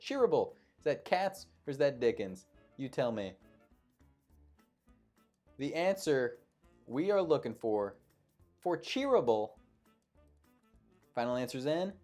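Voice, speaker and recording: A man's voice: mid-range voice, darkish tone. A man hosting a live online trivia show, reading questions and making playful, jokey asides between them. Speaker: quiz show host.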